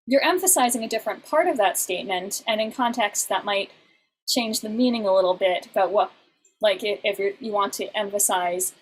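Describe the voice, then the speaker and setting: A woman's voice: mid-range voice, brisk, slight background noise, rough recording. A woman teaching a lesson on song lyrics over an online class, explaining patiently with many fillers and restarts.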